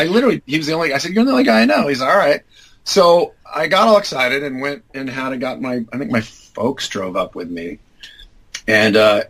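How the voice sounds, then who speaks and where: A man in his fifties with a husky, slightly breathy voice sits in as a guest and tells a long, rambling tale. He restarts sentences and leans on fillers as he goes. When he quotes people, his pitch leaps high to act them out. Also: a bit bright, poor audio. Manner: acts out quoted dialogue with big jumps in pitch; rambling, self-correcting, many fillers. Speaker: interview guest. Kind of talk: casual anecdotal storytelling.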